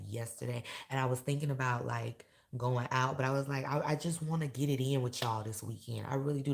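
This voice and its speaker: A woman talking candidly to her viewers in a casual vlog, emotional and blunt, swearing freely and working herself up into loud rants. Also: a bass voice, vocal fry. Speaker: vlogger and awards show host. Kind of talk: casual direct-to-camera vlog.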